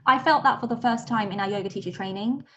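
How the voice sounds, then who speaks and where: A woman's voice: mid-range voice, fast, sharp tone, highs cut off. A woman yoga teacher from London, speaking as a podcast guest in earnest, open and reflective casual chat.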